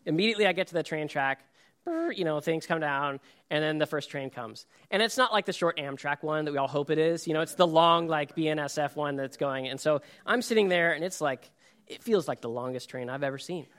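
A man's voice: a little high, fairly quick. A middle-aged man preaching a sermon, telling stories and acting out quotes with laughter. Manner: storytelling, animated, acts out quotes with laughs. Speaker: pastor.

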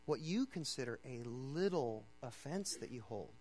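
With an animated delivery at normal speed, a pastor preaches in a loose, conversational way and keeps asking "okay?" He moves from booming, emphatic reading to quiet, low encouragement. The recording is low in quality.

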